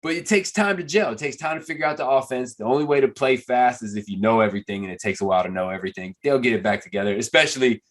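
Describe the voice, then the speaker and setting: A man's voice: mid-range voice, rapid-fire, hardly any pauses. Confident man breaking down football. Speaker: former pro football player, podcast co-host. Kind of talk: casual sports analysis chat.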